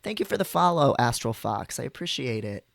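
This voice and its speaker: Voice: mid-range voice, very animated, a little fast, gravelly, dry recording. A streamer chatting casually with viewers, rambling with frequent ums and likes.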